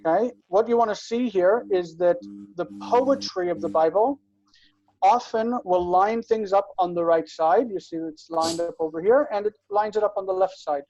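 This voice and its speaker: A man teaching Biblical Hebrew in an online class, explaining slowly and patiently and often checking that students follow. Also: high-pitched, animated, creaky, a little mellow, dry recording, lo-fi sound. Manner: slow, patient explaining with frequent checks for understanding.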